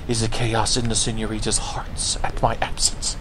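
A man's voice: fairly low pitch, level tone, moderate pace, noisy background, natural voice. A man voicing a suave, flamboyant male sorcerer with Spanish flair, in a theatrical way during gameplay commentary.

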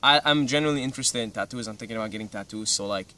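A man's voice: on the low side, racing, pushed and bright. A young man from Syria giving casual advice in a laid-back, rambling way, full of "you know" and "right". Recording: slightly distant mic, faint ambient noise.

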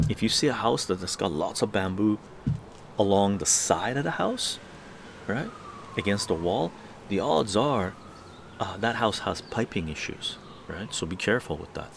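On a casual live stream from an outdoor patio garden, a Canadian man with a lowish, creaky voice rambles along, tacking "right?" onto his sentences. The recording carries a slight hiss or hum.

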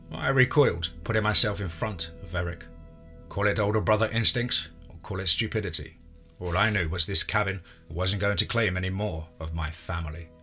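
A man reads a horror story aloud in a tense, measured narration. His voice sits very low yet sounds bright and forward. Faint music plays underneath.

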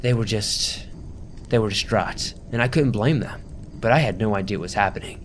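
A man narrating a first-person horror story in a tense, dramatic delivery, dropping to a hush at times. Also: lowish voice, normal speed, a little hiss or hum.

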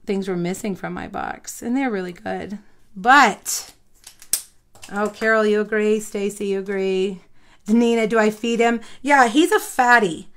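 A woman hosts a live craft stream and chats to her viewers. She tells a long, rambling story while she works, her voice at an ordinary middle pitch. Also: unhurried, fairly bright tone.

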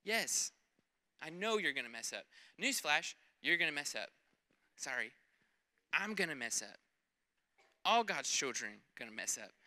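Give me a man preaching a lively, chatty sermon with a bright, ringing voice. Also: medium pitch. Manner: playful, conversational, acts out quoted voices. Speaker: pastor.

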